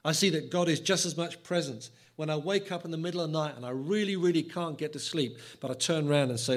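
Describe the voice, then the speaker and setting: A man preaching a sermon, dramatic, swinging from loud and high to hushed. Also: fast, hardly any pauses.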